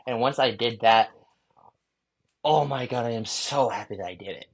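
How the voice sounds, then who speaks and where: A man, a guest on an interview show, telling his story candidly and profanely, acting out his own thoughts in lively bursts. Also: mid-range voice, normal speed, long pauses.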